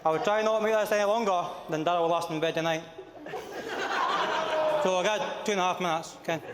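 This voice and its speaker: A man's voice: sits high, steady tone, a little fast, very noisy. A young Scottish man, the best man, giving a teasing, joking speech and mimicking voices in his stories. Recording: echoey hall with crowd. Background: crowd.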